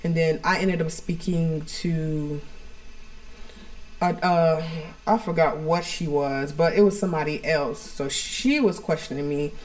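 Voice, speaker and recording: A woman's voice: deep voice, steady tone, unhurried, a little mellow. A woman co-hosting a podcast from home, telling a personal story in a frank, rambling way full of "like" and "you know". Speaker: podcast co-host.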